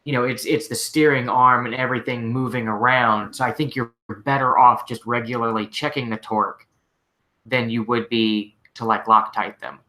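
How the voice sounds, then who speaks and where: Male host, shop mechanic, bright tone, casual Q&A, easygoing, filler-heavy. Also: medium pitch, moderate pace. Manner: relaxed, rambling, frequent fillers like "like" and "you know". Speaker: host answering viewer questions. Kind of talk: casual live-stream Q&A.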